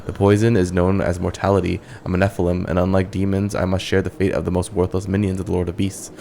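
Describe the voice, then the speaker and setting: Bitter ghost woman, a man reading her lines, low voice, monotone. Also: fast, gravelly, a little hiss or hum. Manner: resentful, read aloud plainly. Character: bitter ghost woman, a demon lord's daughter.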